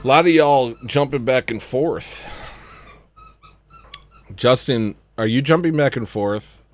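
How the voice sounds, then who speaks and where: A young man chats casually on his comedy livestream. His voice sits at an ordinary middle pitch, and he rambles, teases his viewers and breaks into laughter. Music plays clearly behind him. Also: slow. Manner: joking, rambling, laughs often. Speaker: livestream host.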